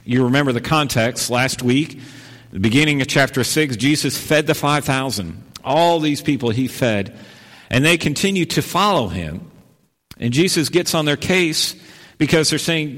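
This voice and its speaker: A man preaching a sermon as a pastor, in a relaxed, conversational way, often repeating and restarting his phrases. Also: mid-range voice, a little slow, big-room sound.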